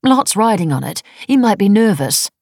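A woman voicing an exasperated middle-aged wife who questions her husband sharply, with a husky voice. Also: medium pitch, big pitch swings, moderate pace, a little mellow, dry recording, clean studio sound, pitched above the performer's own voice.

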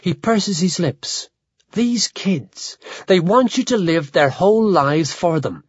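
A narrator reading a novel aloud as an audiobook, telling it in a measured, expressive way. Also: mid-range voice, slightly rough, dry recording, muffled recording.

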